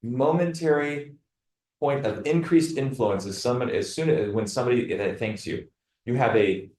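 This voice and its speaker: Man, team leader, coaching talk, acts out client lines, middle pitch, echoey room. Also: normal speed. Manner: animated, acts out client dialogue. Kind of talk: meeting talk. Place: meeting room.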